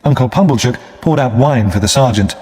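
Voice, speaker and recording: A man narrating a storybook for English learners in a clear, measured way. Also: medium pitch, darkish tone. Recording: long hall reverb.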